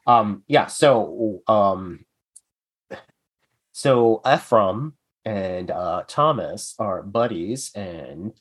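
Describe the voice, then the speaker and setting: A man's voice: lowish voice, expressive, extremely slow, breathy edge, no echo. A man co-hosting a podcast in casual chat, cracking crude jokes and teasing his co-host.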